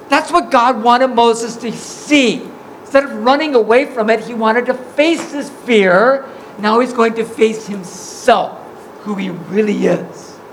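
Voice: medium pitch, a little hiss or hum, rough recording. A preacher giving a sermon in a casual, slangy storytelling manner, acting out the scripture scenes in everyday words.

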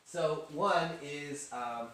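A man giving a casual, animated Bible lesson to a youth group, acting out quotes and laughing as he goes. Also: fairly high pitch, drawn-out words. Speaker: youth teacher. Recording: very echoey room, faint hiss.

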